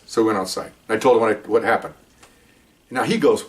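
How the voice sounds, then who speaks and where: A man's voice: lowish voice, fast, far from the mic. An older man, a retired police officer, telling rambling street stories in a casual way and acting out the other people's lines. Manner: rambling, animated, acts out quoted voices. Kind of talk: casual storytelling.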